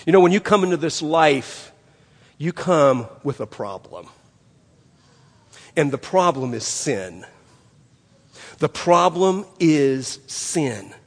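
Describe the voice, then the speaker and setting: Older pastor preaching in a reverberant church. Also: male voice, high-pitched. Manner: storytelling, emphatic, conversational preaching. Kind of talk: sermon. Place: church sanctuary.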